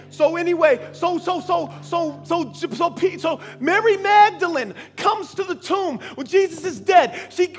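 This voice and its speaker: A man preacher giving a lively sermon in slang, with bursts of shouting. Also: extremely high pitch. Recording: long hall reverb, faint music.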